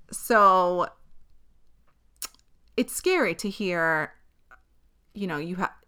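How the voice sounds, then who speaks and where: A woman in her thirties hosting a solo podcast, telling a personal story in a candid, animated way. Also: medium pitch. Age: 30s. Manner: candid, animated storytelling with frequent swearing and laughter. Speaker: podcast host. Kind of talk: casual solo podcast chat.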